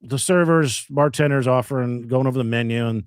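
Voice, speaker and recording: Casting: comedian from Maryland, animated storyteller, dry close sound. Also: male voice, medium pitch, fairly quick, smooth, dry recording. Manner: animated storyteller, acts out dialogue. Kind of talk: casual podcast storytelling.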